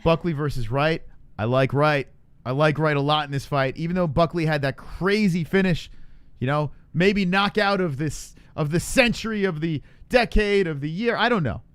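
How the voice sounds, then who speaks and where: A man hosting a casual sports chat, joking and teasing with an animated delivery. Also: fairly high pitch, moderate pace, smooth, no room sound. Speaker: podcast host.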